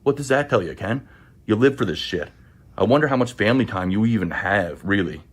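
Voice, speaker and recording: A man's voice: fairly low pitch, lively intonation, fairly quick, breathy edge. A man ranting angrily in a clip, hurling profane accusations at rivals. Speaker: rival streamer in a played clip. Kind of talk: angry rant.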